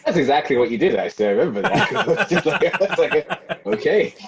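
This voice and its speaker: A man's voice: fairly high pitch, very animated, measured pace. A man from the English Midlands, a guest on a podcast, reminiscing in a rambling, giggly way. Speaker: guest graphic designer. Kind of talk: casual podcast chat.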